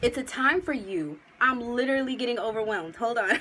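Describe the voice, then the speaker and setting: A woman's voice: on the high side, lively intonation, brisk, bright, forceful tone, a little hiss or hum, low-quality recording. A woman giving a casual tarot reading to her viewers, slangy and emphatic as she talks to them directly, and at times moved close to tears. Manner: gets emotional, near tears. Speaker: tarot reader.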